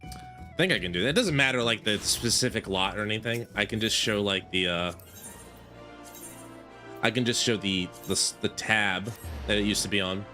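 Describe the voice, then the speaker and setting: A man's voice: lowish voice, normal speed, pauses often, bright, forceful tone, faint music behind. A man chatting casually to his viewers while streaming a game, rambling and correcting himself as he goes. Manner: rambling, self-correcting, talks to chat. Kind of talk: casual gaming stream chat.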